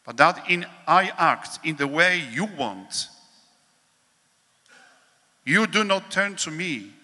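A priest reading a devotional meditation in a slow, measured, solemn way, with pauses, in a large hall. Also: male voice, a little high, lively intonation, sharp tone.

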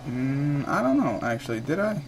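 A young man gaming with a friend, talking loud, profane, jokey trash talk. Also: a little high, big pitch swings, normal speed, creaky. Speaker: gamer. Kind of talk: casual gameplay banter. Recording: noisy recording.

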